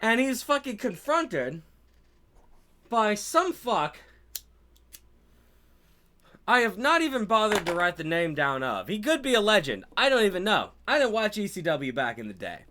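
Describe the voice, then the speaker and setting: A man's voice: high voice, big pitch swings, unhurried, pauses often, pushed and bright. A man giving casual, profane and sarcastic commentary on a wrestling show, sounding exasperated.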